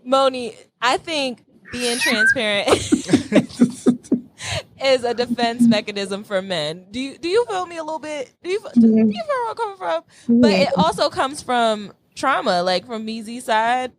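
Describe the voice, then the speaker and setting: A woman's voice: fairly high pitch, very animated, measured pace, background noise. A woman hosting a podcast, chatting casually and candidly and putting questions to her guests. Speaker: podcast host. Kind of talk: casual chat.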